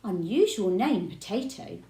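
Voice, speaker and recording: A woman's voice: medium pitch, big pitch swings, measured pace, warm tone. A woman reading aloud and voicing a friendly, curious new girl at school who asks direct questions. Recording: roomy echo.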